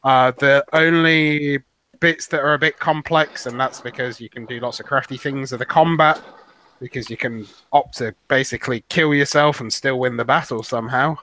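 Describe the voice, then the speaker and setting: Young male co-host, bright tone, rambling and swears casually. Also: medium pitch, fairly even intonation, moderate pace, slight background noise. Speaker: podcast co-host. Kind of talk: casual gaming chat.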